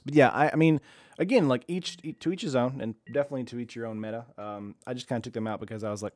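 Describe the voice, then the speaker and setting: A man's voice: medium pitch, very fast, a little mellow, no room sound, soft background music. A young man casually commenting while he streams an online card game, chatty and self-deprecating, reading viewers' chat aloud.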